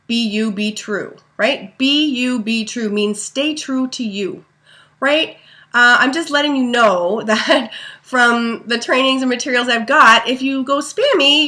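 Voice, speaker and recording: A chatty woman talks her team through social media tips in a loose, rambling way, dropping fillers as she goes. Her voice sits a little high and sounds bright and forward. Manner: chatty, rambling, many ums and likes. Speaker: network marketing team leader. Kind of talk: casual training talk.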